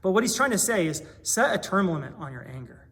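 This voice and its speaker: A pastor giving an earnest sermon, full of rhetorical questions and everyday examples. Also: male voice, sits high, sing-song, fast talker, a bit bright.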